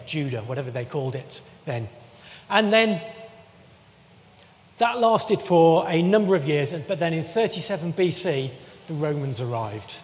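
High-voiced man preaching chattily. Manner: chatty, jokey asides, frequent restarts. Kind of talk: conversational sermon with a map. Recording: long reverb of a church hall.

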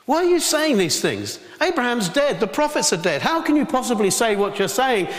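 A man's voice: high voice, very animated, normal speed, a bit bright. A man voicing an indignant crowd challenging a teacher with incredulous questions, in a reverberant hall.

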